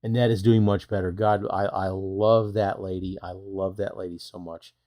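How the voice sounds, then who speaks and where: Host: middle-aged man, folksy and chatty, lowish voice. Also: level tone, moderate pace, dark tone. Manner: chatty, folksy, calls viewers brother. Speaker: live stream host. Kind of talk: casual live stream chat.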